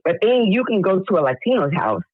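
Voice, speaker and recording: A woman caller pushes her point over a thin, tinny phone line. Her voice is husky and rough, and it swings up and down as she cuts in insistently. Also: mid-range voice, very animated, a little fast, no echo. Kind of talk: heated phone-in debate.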